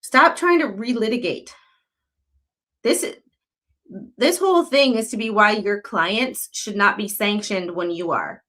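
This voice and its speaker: A woman hosting casual commentary on a court filing. She is blunt and sarcastic, swears freely, and her pitch jumps sharply when she is exasperated. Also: measured pace, pauses often, fairly bright tone. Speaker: commentary channel host.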